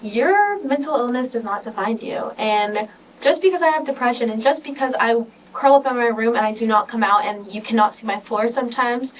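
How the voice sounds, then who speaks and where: A woman's voice: a little high, brisk, far from the mic, low-quality recording. A teenage girl talking casually on a podcast, telling personal stories in an emotional, rambling way full of "like.". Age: teens. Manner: emotional, rambling storytelling with many "like"s. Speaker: podcast co-host.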